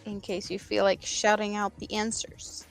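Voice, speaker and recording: A woman's voice: medium pitch, little pitch movement, normal speed, gravelly, faint music behind, rough recording. A woman chatting on a voice call while working on a craft, thinking aloud. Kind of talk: casual chat while crafting.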